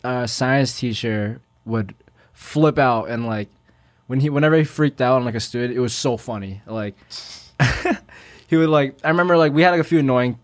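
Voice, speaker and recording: A young man in casual podcast chat, telling a school story in a halting, laid-back way and laughing as he goes. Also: medium pitch. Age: young adult. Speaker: podcast co-host.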